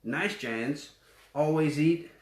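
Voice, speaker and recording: A man's voice: on the high side, takes it slowly, a little mellow. A man with a West Yorkshire accent putting on a raised voice for a group of pleading young children in a storybook. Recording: roomy echo.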